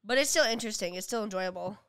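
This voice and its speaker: A woman's voice: mid-range voice, fast, fairly bright tone, clean tone, no room sound. A young woman co-hosting a casual podcast chat, rambling with lots of "like" and restarts, blunt and crude. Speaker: podcast co-host.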